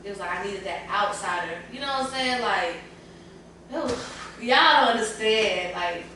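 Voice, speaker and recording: Woman guest, emotional and candid, sitting back from the mic in a roomy space with steady background noise. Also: medium pitch, moderate pace. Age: adult parent. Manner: candid, tearful at times, colloquial. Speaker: podcast panel guest. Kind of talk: emotional casual panel talk. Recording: echoey room, far from the mic, clear room noise.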